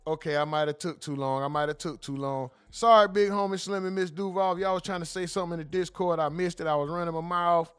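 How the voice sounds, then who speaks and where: A man hosting a casual commentary livestream, reading the chat aloud and bantering in loud, laughing, slangy outbursts. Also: on the high side, flat delivery, quick pace, few pauses, clear, resonant tone, soft background music.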